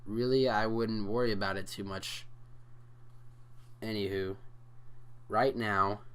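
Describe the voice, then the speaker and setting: A man's voice: fairly low pitch, fairly even intonation, slow pace, a bit bright, clean tone. A young man vlogging casual sports commentary, rambling and hesitant with many fillers and restarts.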